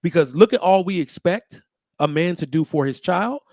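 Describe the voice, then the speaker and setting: A man's voice: high-pitched, moderate pace, no room sound, clean studio sound. A young man hosting a casual talk show, speaking in an emphatic, preachy way. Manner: emphatic, preachy, animated storytelling with acted quotes. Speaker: podcast host. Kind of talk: casual opinionated chat.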